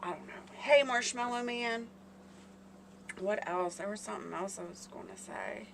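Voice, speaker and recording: Woman rambling on her live stream, bright sharp voice, faint hum behind. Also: medium pitch, normal speed, gravelly. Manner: chatty, rambling, talks to chat readers by name. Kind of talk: casual live-stream chat.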